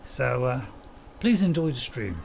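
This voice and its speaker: A man's voice: mid-range voice, sing-song, unhurried, vocal fry, darkish tone, a little hiss or hum. A man, casually commenting on a farming game while streaming and chatting to viewers in a rambling, self-mocking way.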